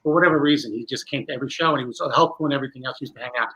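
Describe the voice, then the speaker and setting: A man, a magician guest, telling a long animated story with many restarts in a candid interview. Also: medium pitch, racing, rough recording.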